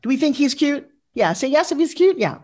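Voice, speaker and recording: A woman in her fifties giving a motivational speech, animated and confessional, talking straight to her audience and asking for their replies. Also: sits high, fairly quick. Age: 50s. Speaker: motivational speaker.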